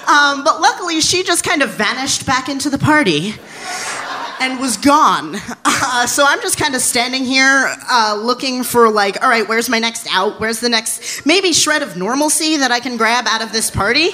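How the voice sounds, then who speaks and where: A person in their twenties telling a funny personal story live on stage, animated and giggly, poking fun at themself. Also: high-pitched, normal speed. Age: 20s. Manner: animated, giggly, self-deprecating. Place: stage before a live audience.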